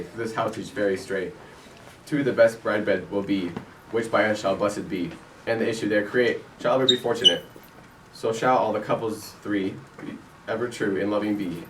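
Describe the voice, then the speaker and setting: A man reciting rhymed verse as Oberon on an amateur stage, steady and solemn. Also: lowish voice, normal speed. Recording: echoey room, distant mic, noisy.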